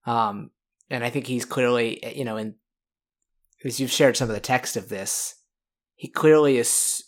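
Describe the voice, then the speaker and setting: Chatty, self-deprecating man. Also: mid-range voice. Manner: rambling, self-deprecating, quick to imitate voices. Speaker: podcast co-host. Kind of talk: casual chat.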